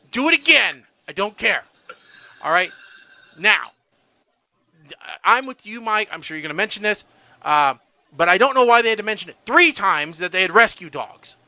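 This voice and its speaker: A man's voice: high voice, pushed and bright, no room sound. A man co-hosting a casual podcast, ranting and tagging his points with "all right?". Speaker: podcast co-host.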